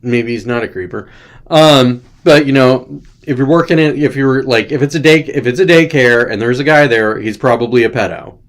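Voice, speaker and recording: A man's voice: medium pitch, moderate pace. Rambling, jokey male host. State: tired. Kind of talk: casual chat.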